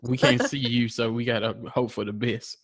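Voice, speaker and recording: A man's voice: mid-range voice, fairly even intonation, normal speed, dry recording. A man hosting a podcast in casual chat, laughing often and putting questions to his co-hosts. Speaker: podcast host.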